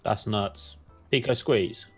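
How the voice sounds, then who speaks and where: A man's voice: fairly low pitch, slow, fairly bright tone, faint music behind. A British man co-hosting a casual podcast chat with short, dry remarks. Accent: British English. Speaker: podcast co-host.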